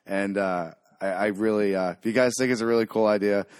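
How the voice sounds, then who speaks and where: A man's voice: on the low side, fairly even intonation, brisk, clear, resonant tone, dry recording, clean studio sound. A man hosting a podcast in casual chat, rambling and tripping over his words, swearing freely as he jokes. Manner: rambling, stumbling over words, profane joking. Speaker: podcast host.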